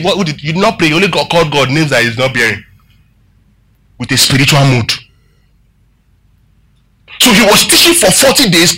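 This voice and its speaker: A man's voice: sits high, bright, forceful tone, husky, rough recording. A man preaching a sermon to a congregation, asking them questions and having them repeat lines after him. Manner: preaching with call-and-response and rhetorical questions. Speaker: pastor.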